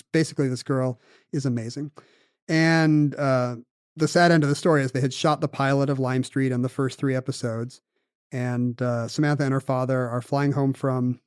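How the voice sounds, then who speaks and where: A man co-hosting a podcast, telling a story in casual chat with quick asides. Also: medium pitch, darkish tone, no room sound, clean studio sound. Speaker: podcast co-host.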